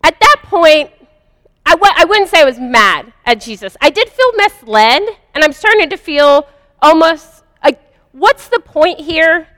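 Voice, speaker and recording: A woman's voice: sits high, very animated, a little slow, sharp tone, dry recording, long reverb tail. A woman earnestly telling a personal spiritual story in a confessional first-person way. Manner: earnest, confessional, vivid retelling. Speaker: speaker sharing a personal story.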